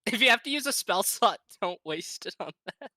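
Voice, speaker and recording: A man playing a tabletop game, stammering and restarting as he speaks. His bright voice moves in a lively way and sounds close and dry. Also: sits high, brisk, no echo. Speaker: player.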